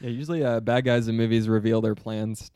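Man, casual movie chat, brief remarks, mellow tone, dry sound. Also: on the low side, fairly even intonation, fairly quick, clear, resonant tone, no echo. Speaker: podcast co-host.

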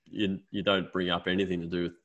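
Australian man, podcast co-host, casual chat, salty storyteller, fairly low voice. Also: flat delivery, fast, fairly bright tone, muffled recording. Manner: swearing storyteller.

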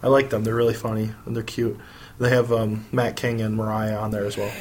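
A man's voice: on the low side, little pitch movement, a little fast, darkish tone. American man, casual podcast chat, rambling and swearing, faint background hiss. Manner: rambling, swears freely, laughs often. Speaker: podcast co-host.

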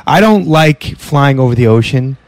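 A man's voice: medium pitch, animated, moderate pace, dry recording. A man co-hosting a casual podcast chat, teasing and joking with his guests.

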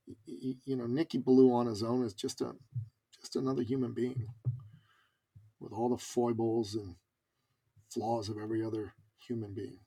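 A man with a gravelly edge and a somewhat husky voice tells a story as a guest on an interview. He speaks casually, with fillers and animated asides, in a voice of middling pitch. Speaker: podcast guest, business coach. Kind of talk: conversational storytelling.

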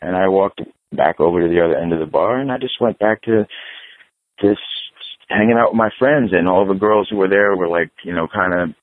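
A man's voice: sits low, brisk, no room sound. A middle-aged man and punk musician, casually telling a profane story and acting out the dialogue. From New York. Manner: profane, animated storyteller who acts out dialogue. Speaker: guest, hardcore punk musician. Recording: phone-like dry remote audio.

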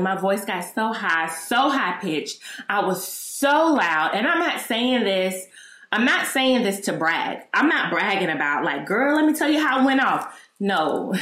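A woman hosting her own podcast, telling a personal story in a candid, animated and profane way. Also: lowish voice, echoey room. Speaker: podcast host.

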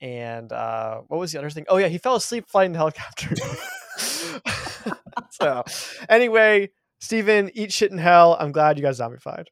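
Male podcast guest, a little high-pitched, animated and mocking, dry close sound. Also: normal speed, no room sound. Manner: animated, mocking impressions of characters. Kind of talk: casual podcast chat.

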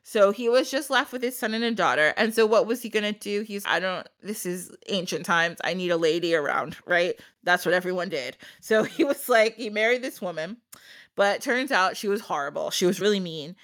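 A woman's voice: mid-range voice, animated, a little fast, fairly bright tone. A woman podcast host retelling a folk tale in a casual, chatty way, laughing often and dropping slangy asides. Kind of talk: casual storytelling.

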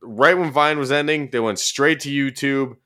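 Profane, animated podcast host man. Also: mid-range voice, moderate pace. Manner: loose and profane, animated storytelling with bursts of emphasis. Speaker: podcast host and commentary YouTuber. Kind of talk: casual podcast chat.

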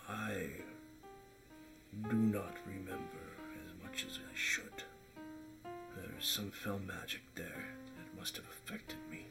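A man voicing a grave male companion who speaks mind to mind in a hushed, low voice. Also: steady tone, slow pace, gravelly, over loud music, full character voice.

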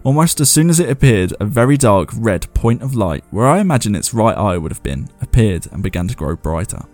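A man with a lowish, darkish voice hosts a show, speaking fairly quickly in a sing-song way over faint music. He chats loosely and reads viewers' ghost stories aloud, laughing at himself along the way, in a mix of casual commentary and reading.

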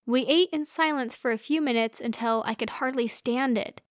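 A woman narrating a first-person fiction story in an earnest, expressive way. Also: fairly high pitch, normal speed, no room sound, studio quality.

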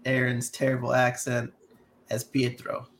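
A man chatting casually on a podcast, rambling with halting restarts. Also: medium pitch, monotone, a bit bright, slight background noise. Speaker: podcast co-host. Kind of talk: casual chat.

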